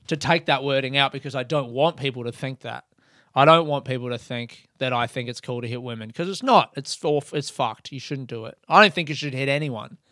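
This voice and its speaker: A man talks through a solo podcast episode in a candid, reflective way, often poking fun at himself. His voice is smooth and clear, and his pitch sits in the middle range. The close microphone leaves almost no room sound. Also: fairly bright tone, no echo. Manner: candid, reflective, a little self-mocking. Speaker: comedian and podcast host. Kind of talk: casual solo podcast monologue.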